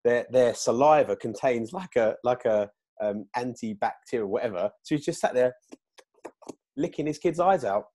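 A man co-hosting a podcast, telling an animated, joking anecdote. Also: mid-range voice, normal speed. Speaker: podcast co-host. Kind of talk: casual chat.

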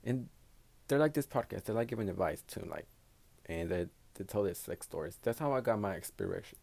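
A man's voice: lowish voice, creaky, a little mellow. A man hosting his own podcast in a casual solo monologue, a native Spanish speaker talking in English, giving blunt, profane, rambling advice. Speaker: podcast host.

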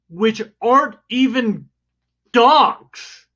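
A man's voice: sits high, expressive, takes it slowly, long pauses, fairly bright tone. A man in casual chat, airing comic complaints with exaggerated mock outrage. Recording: dull lo-fi sound.

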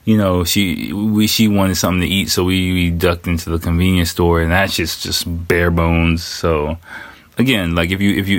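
A man with a very low, deep voice tells a story in a relaxed, rambling way. He swears freely, leans on fillers, and acts out quick asides as he goes. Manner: loose, profane, full of fillers and quoted asides. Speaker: storyteller recounting personal experience. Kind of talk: casual spoken monologue. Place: living in Japan.

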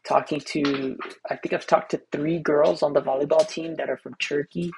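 A man's voice: a little high, fairly even intonation, moderate pace, gravelly, slight background noise. A young man hosting a solo podcast, rambling in a laid-back way with many restarts and fillers. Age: young adult. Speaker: podcast host. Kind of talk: casual solo podcast monologue.

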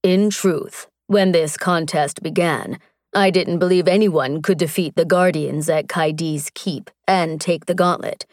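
A woman voicing an earnest, tender barbarian warrior man, speaking slowly and gently. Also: fairly low pitch, steady tone, dry recording, clean studio sound, close to an everyday voice.

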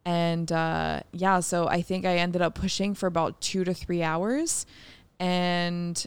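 A woman's voice: lowish voice, fairly even intonation, takes it slowly, smooth, no room sound. A young woman co-hosting a podcast, telling a personal story candidly, swearing freely and laughing often. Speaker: podcast co-host.

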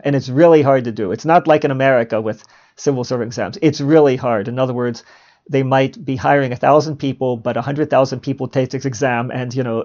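A man, a teacher hosting a podcast, telling stories in a lively way and acting out the dialogue. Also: medium pitch. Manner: lively storytelling, acts out dialogue. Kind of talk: storytelling podcast monologue. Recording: slightly muffled lo-fi recording.

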